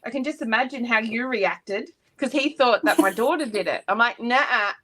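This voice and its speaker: A woman's voice: on the high side, normal speed. An Australian woman from Queensland, co-hosting a casual craft chat and telling stories with frequent giggles. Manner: giggly, expressive storyteller. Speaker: co-host.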